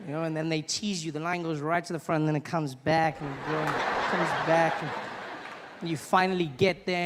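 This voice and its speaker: A man in his thirties doing animated stand-up comedy, acting out characters in shouted high voices. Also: big-room sound. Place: live comedy venue with audience. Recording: live show with audience noise.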